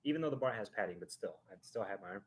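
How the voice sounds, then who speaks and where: Male stream host, lowish voice, casual rambling storyteller who acts things out. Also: rapid-fire. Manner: animated, acting out a ride with sound effects; rambling, with restarts and fillers.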